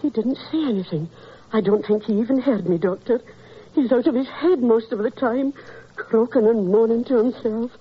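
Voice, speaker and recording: A woman's voice: on the high side, moderate pace, slightly rough. An actress playing a tearful, anxious landlady in a 1940s radio drama, pleading and stammering. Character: tearful, anxious landlady, middle-aged woman. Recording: dull lo-fi old radio recording.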